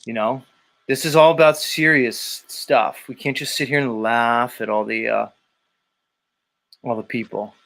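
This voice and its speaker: A man's voice: mid-range voice, fairly even intonation, measured pace, gravelly, a bit bright. A man hosting a show, ranting casually with mocking, profane remarks. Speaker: show host.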